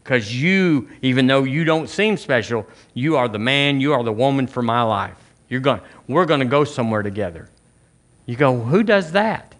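A man's voice: mid-range voice, moderate pace, a bit bright. Man preaching, chatty and repetitive. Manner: conversational preaching with repetitions and questions to the congregation. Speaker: pastor. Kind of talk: sermon.

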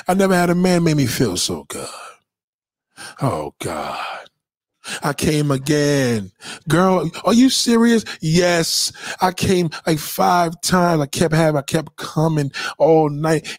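A brash, gossiping woman, as a man puts her on, spills crude news to her girlfriend. She talks in an excitable, breathless rush, a few notes above his usual voice. The sound is dry and close. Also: a little high, slow pace, no room sound, voice pushed up, heavily acted. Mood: gushing.

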